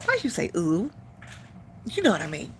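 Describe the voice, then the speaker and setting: A woman's voice: fairly low pitch, wildly swooping pitch, moderate pace, a little hiss or hum. A middle-aged woman hosting a live stream, giving blunt, profane opinions in casual talk.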